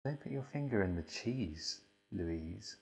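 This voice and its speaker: Deadpan man reading with lively pitch. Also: a little slow, creaky. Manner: deadpan delivery broken by swearing asides. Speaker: host reading aloud. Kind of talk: mock children's reading and lecture.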